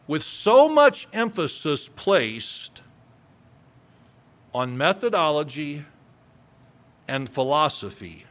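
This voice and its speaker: A middle-aged man preaching from the pulpit with a notably high voice. He speaks slowly and deliberately, stacking rhetorical question upon question and repeating phrases for emphasis. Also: sing-song, a bit bright. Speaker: pastor. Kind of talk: sermon.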